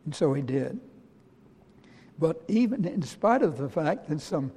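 A man preaching as the apostle Peter, a humbled middle-aged fisherman telling his own story in the first person, earnest and halting. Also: a little high, very animated, mellow, breathy edge, heavily acted. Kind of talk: dramatic first-person sermon monologue. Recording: long reverb of a large hall.

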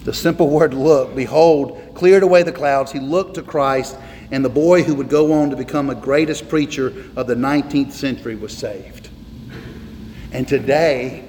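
A man's voice: fairly high pitch, moderate pace, a little mellow. A man preaching a sermon from the pulpit, emphatic and repetitive, hammering on single words. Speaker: pastor. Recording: reverberant hall with faint noise.

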